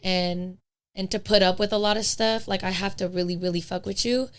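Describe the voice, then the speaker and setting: Smooth-voiced young woman telling it bluntly. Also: mid-range voice, steady tone, a little fast. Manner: candid, blunt storytelling with swearing. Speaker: podcast guest. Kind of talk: casual chat.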